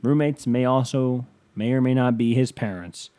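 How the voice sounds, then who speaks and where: A man hosts his own podcast from a bedroom at home and turns a sponsor read into a stand-up bit. He jokes crudely and pushes hyped-up salesman patter. His voice sits at an ordinary pitch with a warm, darker tone. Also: moderate pace. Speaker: podcast host. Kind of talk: comedic ad read.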